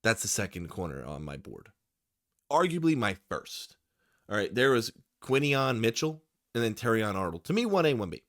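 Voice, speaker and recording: Low-voiced man giving excited draft takes. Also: moderate pace, no echo, studio quality. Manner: opinionated, excitable, talks to the viewer. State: tired, late at night. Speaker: sports YouTuber. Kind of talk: casual draft commentary.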